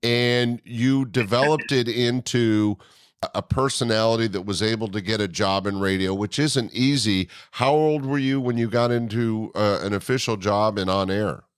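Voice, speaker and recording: A man hosting an interview, asking drawn-out, affirming questions. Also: lowish voice, steady tone, smooth, no room sound, clean studio sound. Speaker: podcast host.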